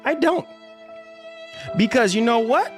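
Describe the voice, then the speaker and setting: A man's voice: very high-pitched, animated, slow pace, faint music behind. A male streamer taunting someone, repeating phrases and drawing out his words. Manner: taunting, repetitive, drawn out.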